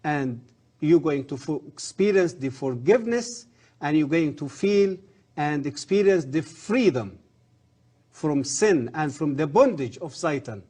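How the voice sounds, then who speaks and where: Earnest man, husky voice. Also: a little high, lively intonation, a little mellow. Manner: earnest, halting non-native English with rising emphasis. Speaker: guest, former professor. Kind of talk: religious TV interview.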